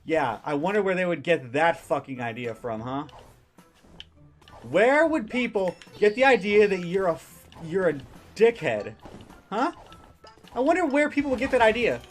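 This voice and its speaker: A man's voice: high-pitched, big pitch swings, normal speed, soft background music. A male streamer ranting angrily and profanely, stumbling over his words and restarting. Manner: heated, profane, stammering restarts. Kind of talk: angry ranting commentary.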